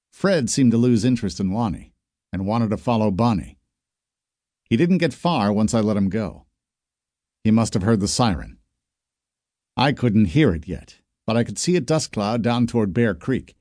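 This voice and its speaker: A man reading a first-person mystery story, with dry narration and lively character voices. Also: fairly low pitch, moderate pace, dry recording. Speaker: audiobook narrator. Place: studio booth.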